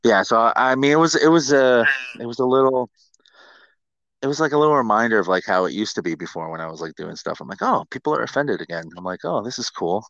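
A man's voice: medium pitch, fast, a bit bright, clear, resonant tone, no room sound, dull audio. A man in his forties hosting a podcast, talking in a casual, profane, ranting way. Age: 40s. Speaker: podcast host.

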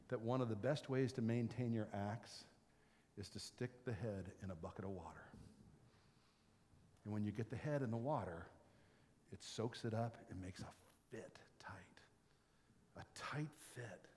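A man preaching a sermon, telling the story with dramatic swings from loud and excited to quiet and whispered. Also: fairly low pitch, measured pace, long pauses, in a large hall, a little hiss or hum.

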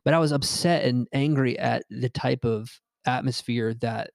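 A man's voice: mid-range voice, normal speed, vocal fry, no echo. A young man, hosting a podcast and telling a rambling, profane personal story with lots of fillers and restarts. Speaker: podcast host. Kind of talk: casual storytelling chat.

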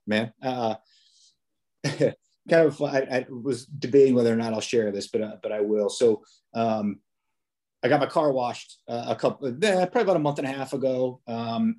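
This police officer is a podcast guest, casually telling stories with lots of fillers and restarts. He has a mid-range, slightly mellow voice.

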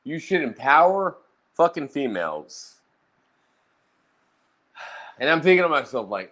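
A man's voice: fairly high pitch, very animated, a little slow, long pauses, fairly bright tone. A man telling roast-battle stories in a brash, profane, casual monologue. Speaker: streamer recounting roast battles.

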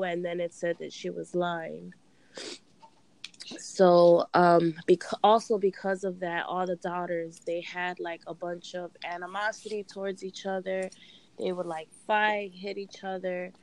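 Young woman co-host, low unhurried voice, relaxed storytelling. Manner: laid-back storytelling with fillers. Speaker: podcast co-host. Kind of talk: casual chat.

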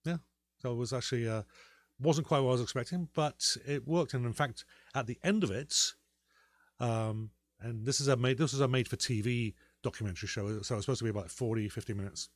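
A man co-hosting a podcast in a loose, rambling chat, full of ums and restarts. His voice sits in an ordinary middle pitch. The sound is dry and close, with no room echo. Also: brisk. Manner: rambling, many fillers and restarts. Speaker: podcast co-host.

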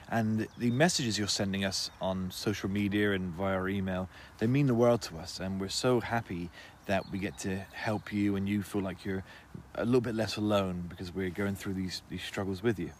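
A young adult man hosting a podcast, animated and jokey, with a lowish voice. A faint hum sits under the recording. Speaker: podcast host. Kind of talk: casual chat and sign-off.

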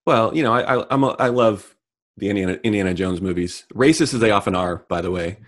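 A middle-aged man co-hosting a casual comedic chat, delivering deadpan mock rants. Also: on the low side, fast talker. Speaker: podcast co-host.

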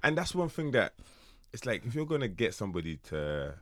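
A man's voice: medium pitch, a little fast, dry recording, studio quality. A man from Africa co-hosting a podcast, chatting casually and thinking aloud with lots of "like"s. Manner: animated, laughing, thinks aloud with many "like"s. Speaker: podcast co-host. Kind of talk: casual chat.

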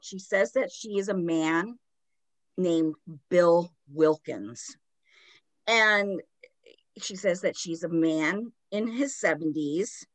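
A woman's voice: fairly low pitch, dry recording. A woman hosting a podcast with a sore throat, telling a spooky story casually and animatedly with lots of "like". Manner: animated retelling with fillers like "like".

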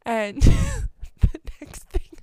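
A woman's voice: very high voice, huge pitch swings, drawn-out words, crowd noise. A woman in her thirties, a parent, telling a funny story in casual chat, laughing often and acting out the lines of her child.

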